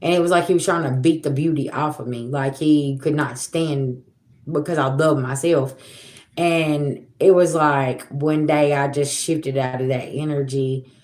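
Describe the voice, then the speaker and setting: A woman's voice: sits low, fairly even intonation, unhurried, a little mellow. A woman in her forties talking casually on a livestream, blunt and emphatic, swearing freely and speaking straight to her viewers. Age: 40s. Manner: addresses viewers directly. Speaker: psychic livestreamer.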